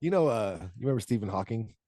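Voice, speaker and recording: A man's voice: lowish voice, lively intonation, quick pace, dark tone, no room sound. A man hosting an interview, laid-back and playful, often laughing along with his guest. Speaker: interviewer, host. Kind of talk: casual interview chat.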